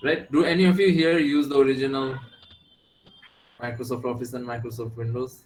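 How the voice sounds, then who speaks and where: This classroom lecture comes from a male university lecturer with a Bangladeshi accent, speaking fast at a medium pitch. He moves between Bengali and English, repeatedly making sure his students keep up, in a reverberant, low-quality recording.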